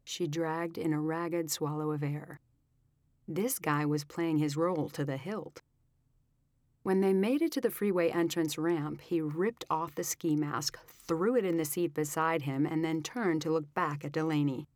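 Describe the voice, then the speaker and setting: A woman with a notably low voice narrates an audiobook in a measured, dramatic way. The sound is close and dry, with no room echo. Her delivery stays steady and deliberate. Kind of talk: scripted narration.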